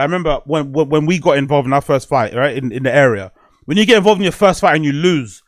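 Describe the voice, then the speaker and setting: A man hosting a podcast shares a personal tale in a rambling, candid monologue, peppered with frequent swearing. His voice is a little high, and the recording is dry and studio quality.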